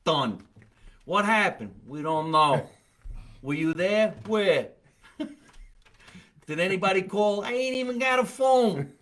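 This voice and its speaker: A man's voice: high-pitched, animated, takes it slowly, pauses often, a bit bright, slight background noise, voice pushed up, full character voice. A man voicing a streetwise, evasive mob-style lawyer who talks tough-guy slang full of double negatives. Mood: mock-tough.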